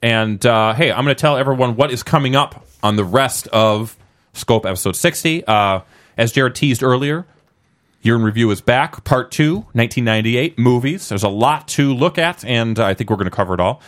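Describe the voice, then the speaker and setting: A man's voice: mid-range voice, normal speed, a bit bright. A man co-hosting a casual podcast, rambling and laughing at his own jokes. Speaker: podcast co-host.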